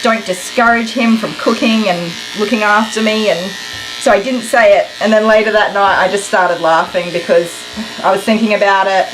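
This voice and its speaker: A woman in her thirties chats and rambles to her viewers in a medium-pitched voice. She is a groomer talking while she works in her salon. Electric clippers buzz clearly behind her. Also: steady tone, normal speed, noisy background. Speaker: dog groomer streaming live. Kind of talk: chatty live stream while working.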